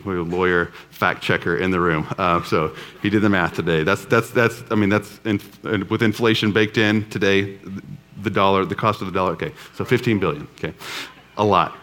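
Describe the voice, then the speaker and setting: A pastor with a drawl tells a parable to his congregation in a loose, chatty sermon. His voice sits on the low side, and he speeds up through the story and slows for the serious points. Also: a bit bright. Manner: conversational storytelling with humor. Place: church before a live congregation.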